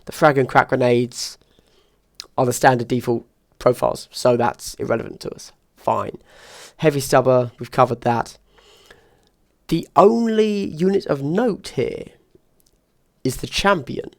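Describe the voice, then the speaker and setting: A man with a gravelly, creaky edge talks through tabletop game rules in a relaxed, thinking-aloud way. He weighs each option out loud and drops quick asides. The sound is close and dry, with no room around it. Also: medium pitch, no room sound. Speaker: tabletop wargame reviewer.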